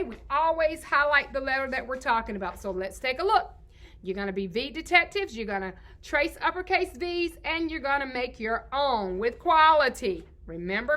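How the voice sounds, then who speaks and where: Bright-voiced woman teaching phonics. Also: fairly high pitch. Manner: sing-song, asks questions and answers them herself. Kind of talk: children's phonics lesson.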